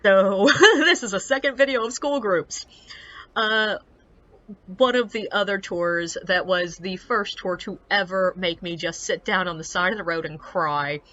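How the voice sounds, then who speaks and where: A woman working as a ghost tour guide, telling anecdotes in a chatty, animated way full of fillers. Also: mid-range voice, measured pace, highs cut off. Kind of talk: casual storytelling to camera.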